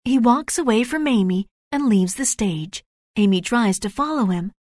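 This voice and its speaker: A woman's voice: a little high, no echo. Woman narrating a graded reader. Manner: slow, clear, even reading.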